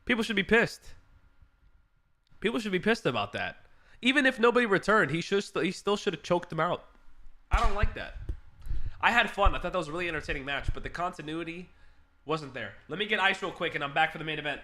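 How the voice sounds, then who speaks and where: A man streaming a live watch-along, chatting casually, excitable and swearing freely, repeating himself when annoyed. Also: high voice, quick pace, long pauses. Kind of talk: casual live reaction chat.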